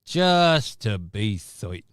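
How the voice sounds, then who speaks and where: A man hosting a live stream who wanders off into sarcastic, rambling asides about the news. His voice is smooth and clean, and he sits close to the mic in a completely dead, dry space with no room sound. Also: lowish voice, big pitch swings, takes it slowly, no echo. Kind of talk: casual news commentary.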